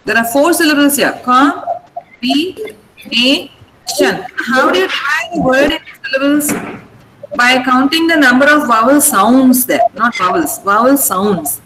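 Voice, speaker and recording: A woman with an Indian English accent teaches English, explaining stress rules patiently and asking students to repeat each word. Her voice sits somewhat high. There is a faint hiss behind her. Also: normal speed, echoey room. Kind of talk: online vocabulary class.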